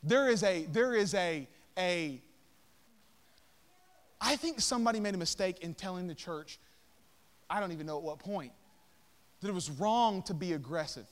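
A pastor preaching a sermon, firing rhetorical questions and casual asides with emphatic delivery. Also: male voice, sits high, moderate pace, pauses often. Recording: long reverb of a large hall.

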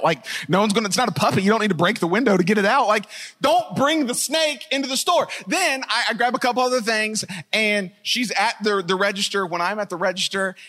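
A high-pitched man preaching with a lot of bounce in his voice. He tells a comic story as a sermon, breaking into shouts and then going soft and earnest. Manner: animated, joking, builds to shouting then drops to a hushed earnest tone. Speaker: pastor.

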